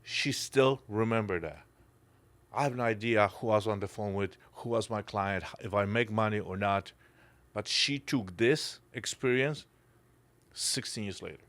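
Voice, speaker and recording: Emotional Polish-accented man, low voice. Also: fairly bright tone. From Poland. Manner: blunt, emotional storytelling, broken English with swearing. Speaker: podcast guest. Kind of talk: casual chat.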